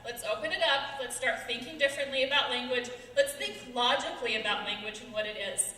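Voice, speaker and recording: A young woman in her twenties, a student giving an earnest, quick persuasive talk on stage. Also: fairly high pitch, bright, forceful tone. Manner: earnest, quick, laughing now and then. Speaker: student speaker. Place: large hall with audience. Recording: echoey hall from far off.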